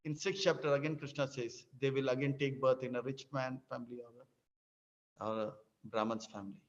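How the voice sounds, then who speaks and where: A man's voice: mid-range voice, steady tone, normal speed, fairly bright tone. A man teaching as a spiritual teacher, dramatically retelling scripture in a sermon. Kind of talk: sermon storytelling. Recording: dull lo-fi with long hall reverb.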